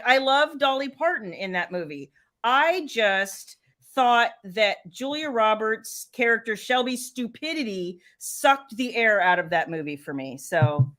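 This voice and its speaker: A middle-aged woman hosting a casual live stream, telling animated stories and acting out what people said. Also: mid-range voice. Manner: animated storyteller, acts out quotes. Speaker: host, romance author.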